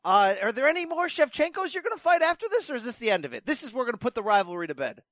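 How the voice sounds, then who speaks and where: A man's voice: extremely high pitch, sing-song, very fast, fairly bright tone, no echo, clean studio sound. Upbeat joking male interviewer. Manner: jokey and upbeat. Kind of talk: casual interview.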